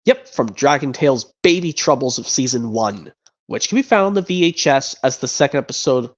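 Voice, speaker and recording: A streamer chatting casually between voice impressions, rambling and excitable, with some mild cursing. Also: medium pitch, a little fast, muffled recording.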